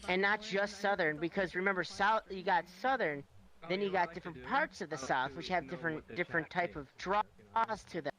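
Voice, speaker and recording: A man's voice: high voice, a little fast, bright, forceful tone. A man telling rambling stories in a casual voice chat over a headset mic. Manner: rambling storyteller. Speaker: guest.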